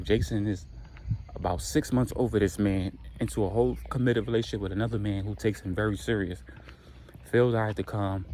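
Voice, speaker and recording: Low-voiced man telling a slangy story. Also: a little hiss or hum. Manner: slangy, animated retelling. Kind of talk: casual storytime.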